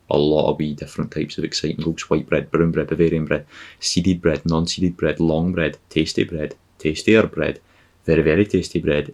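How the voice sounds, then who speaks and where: A man's voice: rumbling low, a little mellow. A Scottish man hosting a podcast, rambling through a comic, sarcastic and profane travel monologue. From Scotland. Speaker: podcast host.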